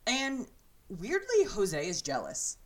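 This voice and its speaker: A woman's voice: medium pitch, wildly swooping pitch, slow pace. A young woman co-hosting a podcast, chatting casually and giggling through a reality show recap with lots of fillers. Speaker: podcast co-host.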